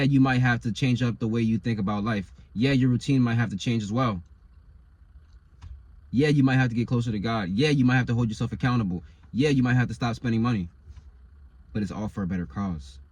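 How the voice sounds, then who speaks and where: A man's voice: on the low side, a little mellow, breathy edge. A man delivering a motivational monologue as a coach, insistent and slangy, repeating his phrases over and over.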